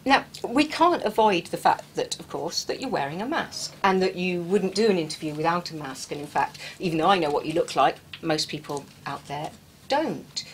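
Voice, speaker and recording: A woman's voice: on the low side, lively intonation, normal speed, a little hiss or hum, rough recording. A woman with an English accent hosting an interview, asking questions with enthusiasm and small stumbles. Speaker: radio-style show host, interviewer. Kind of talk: interview chat.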